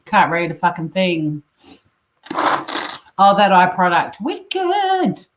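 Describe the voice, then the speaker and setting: A livestream host from Australia chats while cooking in her home kitchen, casually swearing and reading viewer comments aloud. She speaks slowly with a steady tone in a lowish voice, in an echoey, very noisy room.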